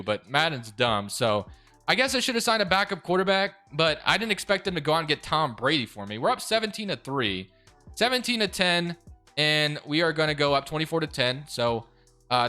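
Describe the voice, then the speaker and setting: A young man giving casual commentary over a football video game, excitable and quick to rant in frustration. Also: a little high. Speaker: gaming YouTuber.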